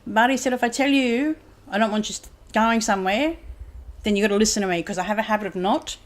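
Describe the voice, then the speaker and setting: A woman speaks at a middling pitch in a lounge room at home. She tells her story in a loose, rambling way and keeps quoting what others told her, like a guest chatting casually on an interview show. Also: fast talker. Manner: rambling, retells conversations with "he said" quotes. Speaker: psychic medium guest.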